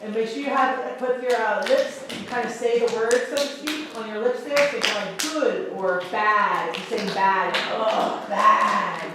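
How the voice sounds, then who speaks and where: A woman teaching a sign language class in a library room, encouraging and emphatic, repeating phrases slowly for her learners. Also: a little high, background noise. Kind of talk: classroom instruction. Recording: echoey room, voice far off.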